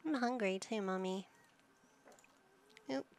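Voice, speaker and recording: A woman talks through a life-sim game at an unhurried pace, her voice slightly gravelly. She coaxes the characters along like a mother and tosses out silly made-up words. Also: medium pitch, a little mellow, slight background noise. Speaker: gaming video host. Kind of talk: casual let's-play commentary.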